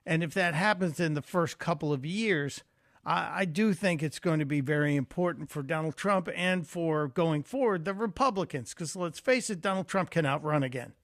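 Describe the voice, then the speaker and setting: A man guest-hosting a radio talk show speaks in a chatty, folksy manner with a slightly high voice. The studio mic sound is close and very dry, with no room around it. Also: moderate pace, fairly bright tone, no echo. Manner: conversational, folksy, with fillers. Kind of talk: talk radio monologue and call-in.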